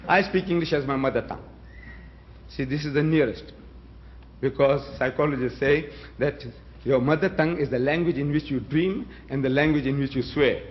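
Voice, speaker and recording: A man's voice: fairly high pitch, normal speed, a little hiss or hum. Emphatic man debating. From South Africa. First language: Gujarati. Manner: emphatic, rhetorical, challenges the audience with questions. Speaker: debate speaker. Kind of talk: public debate address. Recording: dull lo-fi recording.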